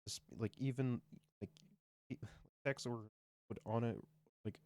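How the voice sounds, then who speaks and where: A man chatting casually on a stream, halting and restarting as he talks. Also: mid-range voice, steady tone, warm tone, no echo, clean studio sound. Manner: halting, many fillers and restarts. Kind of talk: casual chat.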